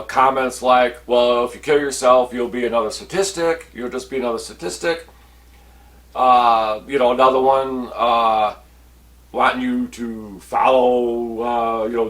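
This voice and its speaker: An older man, a veteran, telling a blunt, swearing story of his dealings with staff, acting out what each side said. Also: mid-range voice. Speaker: veteran vlogger. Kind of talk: casual storytelling rant. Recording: voice a bit distant from the mic.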